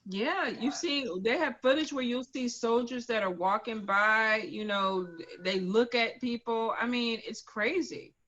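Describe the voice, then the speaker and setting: A woman's voice: on the high side, unhurried, few pauses, lo-fi sound. A woman co-hosting a casual chat, telling stories animatedly and acting out what others said. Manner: animated storyteller, acts out quotes. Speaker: co-host.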